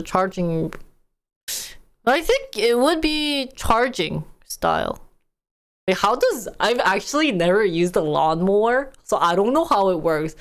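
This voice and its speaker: A woman streaming live, chatting casually with her viewers, reacting to news items with frequent laughter. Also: mid-range voice.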